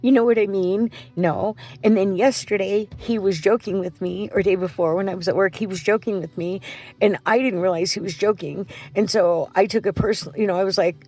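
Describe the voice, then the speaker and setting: A woman's voice: mid-range voice, fairly even intonation, fairly quick, a little mellow. A middle-aged woman who works as a janitor, venting in a rambling, profane monologue.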